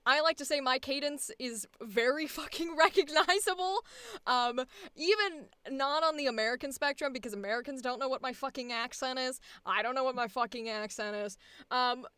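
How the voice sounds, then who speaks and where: Female voice acting coach and host, smooth voice on the higher side, rambling and profane. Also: normal speed, bright, forceful tone, no echo. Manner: rambling, swears freely, laughs often. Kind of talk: casual coaching chat.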